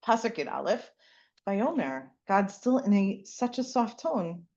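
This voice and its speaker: A woman and mother of young kids teaching a lively Torah class, often asking "right?" and acting out the lines she quotes. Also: mid-range voice, measured pace, dull audio. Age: adult parent with young kids. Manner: animated, keeps asking "right?", acts out quotes. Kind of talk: lively Bible class lecture.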